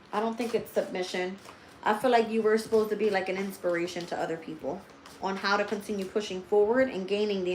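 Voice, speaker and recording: A woman's voice: mid-range voice, reverberant, slight background noise, poor audio. A woman giving a livestream tarot reading. She talks straight to her viewers, blunt and heavily profane, and thinks aloud as she turns the cards. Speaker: tarot reader.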